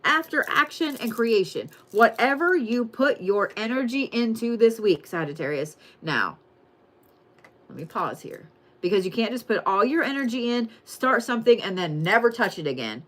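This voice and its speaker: A woman giving a casual, profane, excitable weekly zodiac reading and calling her viewers y'all. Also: a little high, normal speed. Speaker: tarot and astrology reader.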